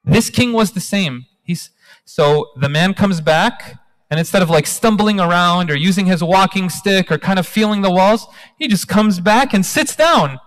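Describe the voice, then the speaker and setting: A man in his thirties tells a religious story to a hall audience in an animated, engaging way. His voice sits high for a man. A long reverb follows him through the large hall. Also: moderate pace. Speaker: guest speaker. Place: large hall at a community talk night.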